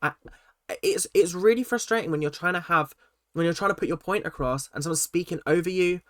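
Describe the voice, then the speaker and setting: An animated, exasperated recap of a reality show from a vlogger, voice sitting in a middle register and tripping over restarts. The sound is close and completely dry, with no room at all. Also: medium pitch, fairly quick, no echo. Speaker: reaction vlogger.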